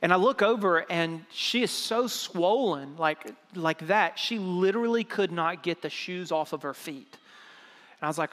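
A young man preaching with a fairly high voice, telling a personal story to his congregation. He slips into the voices of the people he quotes, keeping it casual. His voice rings with long reverb from a large hall. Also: brisk, a bit bright. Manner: conversational, acts out quoted dialogue. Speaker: pastor. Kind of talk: storytelling sermon.

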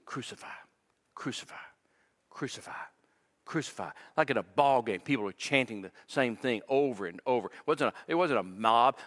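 A man's voice: mid-range voice, lively intonation, fairly quick, hardly any pauses, a bit bright. Emphatic preacher man in a reverberant hall. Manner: dramatic and emphatic, building intensity, repeats words. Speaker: pastor. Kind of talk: sermon. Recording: long reverb of a large hall.

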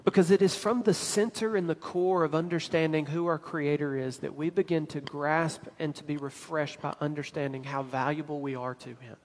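A man preaching a sermon as pastor, emphatic and building to louder climaxes. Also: on the high side, fairly even intonation, normal speed, hardly any pauses, big-room sound.

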